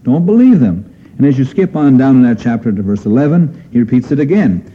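A man's voice: mid-range voice, big pitch swings, fast talker, husky. A man preaching a sermon in an earnest manner, asking his listeners questions and pressing on key phrases. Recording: dull lo-fi sermon recording.

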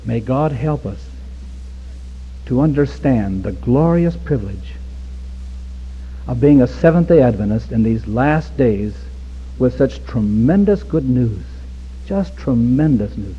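Impassioned preacher man, husky and animated. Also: mid-range voice, slow pace, pauses often. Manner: impassioned, swings from hushed pleading to near-shouting. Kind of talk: sermon. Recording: dull recording with long hall reverb.

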